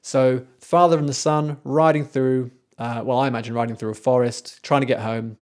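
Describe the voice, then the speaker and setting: A man's voice: mid-range voice, steady tone, normal speed. A man, a composer, giving a casual, enthusiastic commentary on a classical art song, with a conversational manner. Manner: enthusiastic, conversational, with frequent fillers. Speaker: composer hosting a music analysis show.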